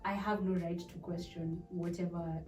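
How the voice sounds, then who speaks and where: A woman's voice: on the low side, little pitch movement, normal speed. A young woman in her twenties from Kenya hosting a casual relationship talk show, chatty, laughing often and asking her guest questions. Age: 20s. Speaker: podcast host. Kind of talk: casual chat. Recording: echoey room, distant mic, soft music.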